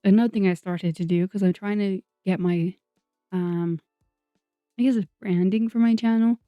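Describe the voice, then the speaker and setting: A woman's voice: medium pitch, steady tone, normal speed, smooth, no echo. Young woman YouTuber, chatty rambling voice-over, dry muffled mic, faint music behind. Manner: rambling, self-deprecating, frequent fillers and laughs. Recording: dull, dry sound under soft music.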